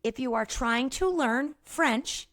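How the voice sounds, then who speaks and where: Lively, fast-talking woman podcast host. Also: sits high, dry recording, studio quality. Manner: energetic, swears casually, laughs at herself. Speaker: podcast host and movement therapist. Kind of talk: casual explanatory monologue.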